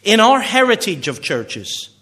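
A man with a Northern Irish accent delivers a sermon. His voice sits a touch high for a man, and he leans into key words by slowing right down. He often lets the ends of his phrases fall away soft and quiet. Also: very animated. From Northern Ireland. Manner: earnest, slows down for emphasis, drops quiet at phrase ends. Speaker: pastor.

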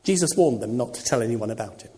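A preacher giving a sermon, animated and full of rhetorical questions to the congregation. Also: mid-range voice, fast. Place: church. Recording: long reverb of a church.

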